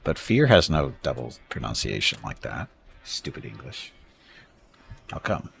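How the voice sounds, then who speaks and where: Gravelly low-voiced man streaming a game. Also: sing-song, a little slow, faint music behind. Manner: rambling, chatty, thanks viewers, jokes about words. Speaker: streamer playing a space strategy game. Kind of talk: casual live-stream commentary.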